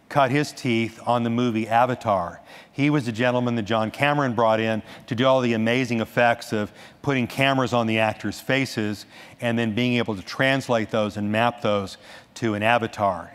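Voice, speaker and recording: A man giving a conference talk on stage, animated, restarting sentences and adding asides as he goes. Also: medium pitch. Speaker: conference speaker. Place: large conference hall. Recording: echoey hall reverb.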